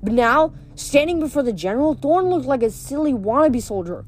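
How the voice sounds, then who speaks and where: A woman's voice: high voice, expressive, a little fast, slight background noise. A woman reading a novel aloud, now and then stumbling over words and correcting herself. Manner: occasional stumbles and self-corrections. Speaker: reader.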